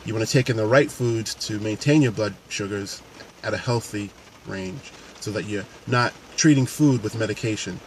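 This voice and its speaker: Earnest lower-voiced man talking to camera. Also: normal speed, few pauses, slight background noise. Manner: earnest, unscripted, many restarts. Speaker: paramedic and fitness coach. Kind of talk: casual talk to camera.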